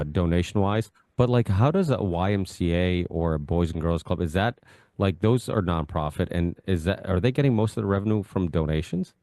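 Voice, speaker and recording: A man hosts a podcast interview and works his way haltingly into his questions, restarting them as he goes. His voice sits low. The sound is dry, with no room echo. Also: a little mellow. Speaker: podcast host.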